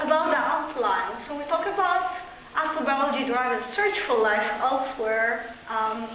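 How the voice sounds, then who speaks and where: An Italian-accented woman delivers a science lecture with eager, halting English. Her voice sits a bit high. It reaches the mic from a distance in a very echoey hall. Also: a bit bright, a little hiss or hum. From Italy. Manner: enthusiastic, halting non-native phrasing. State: jet-lagged. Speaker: guest lecturer, astrobiologist.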